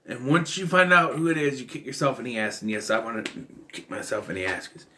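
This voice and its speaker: A man's voice: medium pitch, fast, pushed and bright, a little hiss or hum. A man giving a casual, rambling film commentary, full of fillers and restarts. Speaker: film reviewer.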